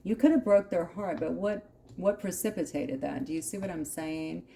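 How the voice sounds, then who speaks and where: A woman's voice: lowish voice, normal speed, vocal fry, mellow, a little hiss or hum. A woman giving a casual channeled tarot reading, musing aloud with frequent asides. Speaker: tarot reader.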